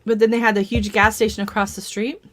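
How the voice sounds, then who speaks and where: A woman's voice: mid-range voice, little pitch movement, quick pace. A woman hosting a casual live stream from home, chatting and telling rambling stories with frequent laughs.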